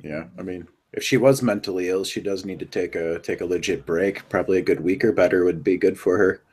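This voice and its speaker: A man's voice: deep voice, fairly even intonation, brisk, darkish tone, husky. A man appearing as a guest on a live stream, chatting casually and laughing easily, often hedging with "I mean.". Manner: easygoing, laughs, hedges with "I mean". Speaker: podcast guest. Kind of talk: casual chat.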